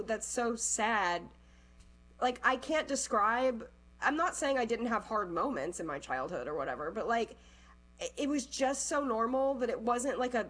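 A woman's voice: a little high, fairly bright tone. A young woman in a casual chat, reflective as she shares a memory, who laughs and agrees along. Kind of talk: casual conversation.

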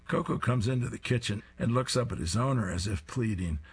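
A man's voice: mid-range voice, a little fast. A man reading comic strips aloud, describing each panel with an amused tone. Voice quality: husky.

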